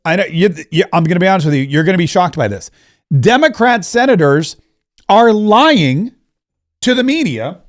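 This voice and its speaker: High-voiced sarcastic male podcast host. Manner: sarcastic, joking, digressive. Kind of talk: political commentary podcast.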